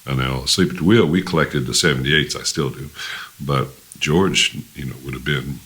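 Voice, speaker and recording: A man's voice: extremely low pitch, fairly even intonation, normal speed, fairly bright tone. An older man, a musician guest, telling rambling stories in a casual interview, with many fillers and restarts.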